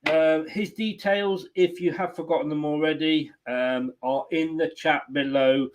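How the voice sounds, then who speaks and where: A man hosts a football watch-along stream in casual chat. He teases his co-host and the chat and laughs easily. His voice sits slightly high. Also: fairly even intonation, a little slow, a little hiss or hum. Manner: jokey, teasing, laughs often.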